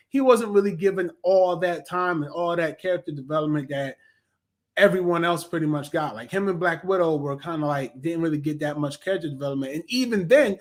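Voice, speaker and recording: A man co-hosting a podcast, chatting casually in a review, rambling with many fillers and self-corrections, and speaking to listeners in a laid-back way. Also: sits high. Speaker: podcast co-host reviewing a TV series.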